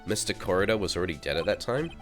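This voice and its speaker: A man's voice: low voice, big pitch swings, very fast, a bit bright, faint music behind. Man reading as a wry young lawyer. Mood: questioning. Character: young male defense lawyer, wry and doubtful.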